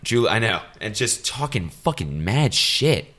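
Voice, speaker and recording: A man co-hosting a casual show recap, swearing freely and laughing between lines. His pitch swings widely and sits a bit low. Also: very animated, measured pace, sharp tone. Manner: swearing, laughing, joking about his accent. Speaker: podcast co-host.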